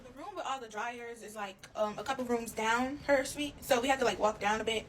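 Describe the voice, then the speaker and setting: Woman vlogger, quick and fairly high, casual storytime, blunt and animated. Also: poor audio. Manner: fast, animated, addresses listeners as y'all, swears freely.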